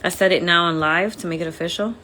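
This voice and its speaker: A woman's voice: fairly low pitch, steady tone, fast talker, crowd noise. A woman with an accent hosting a casual phone livestream, chatty and friendly, using informal slang. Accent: accented English. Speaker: livestream host.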